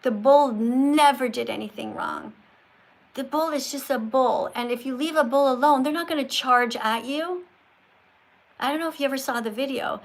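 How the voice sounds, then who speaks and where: Emphatic lecturing woman with a gravelly voice. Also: high voice. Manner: emphatic, lecturing, corrects pronunciation. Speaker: livestream host talking with callers. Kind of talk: live-stream call-in chat.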